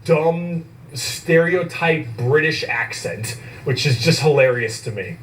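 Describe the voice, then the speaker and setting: A man's voice: fairly high pitch, slow pace, far from the mic, poor audio. A man explaining things in a casual, enthusiastic way. He swears freely and repeats himself for comic effect.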